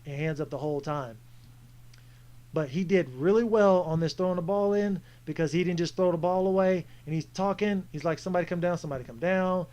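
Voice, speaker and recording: A man commenting casually on footage of his own basketball game, frustrated and critiquing his teammates. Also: on the high side. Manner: frustrated, animated coaching critique.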